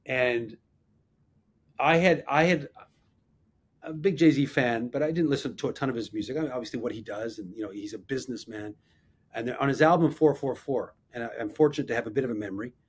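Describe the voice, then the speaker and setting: A man in his fifties, an interview guest who tells animated, self-deprecating anecdotes. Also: medium pitch, brisk, husky. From Canada. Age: 50s. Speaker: guest, marketing executive.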